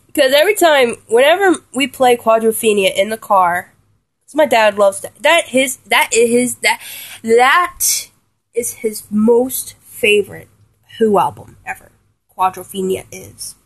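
Young woman, fairly high voice, unhurried, giggly, rambling, casual chat. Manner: giggly, rambling, many restarts. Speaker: music fan vlogger.

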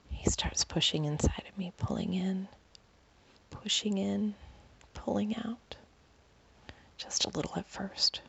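A woman tells a first-person story in whispered role-play, her breathy whisper husky and faintly gravelly. The recording is close and dry, with slightly dull, lo-fi sound. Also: medium pitch, takes it slowly, pauses often, fairly bright tone. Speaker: narrator.

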